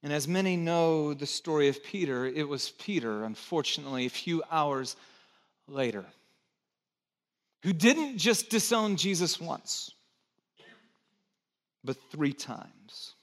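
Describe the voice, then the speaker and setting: A male pastor preaching a sermon in a church, slow and emphatic with dramatic pauses. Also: a little high, animated, a bit bright. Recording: long church hall reverb.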